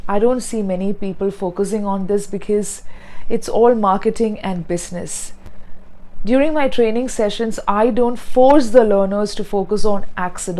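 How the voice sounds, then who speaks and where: A woman's voice: medium pitch, a little mellow, poor audio. A woman, teaching pronunciation in an earnest, explanatory way and sounding out example words one by one. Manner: earnest and explanatory, spelling out word sounds slowly. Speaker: English pronunciation trainer. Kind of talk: spoken teaching monologue.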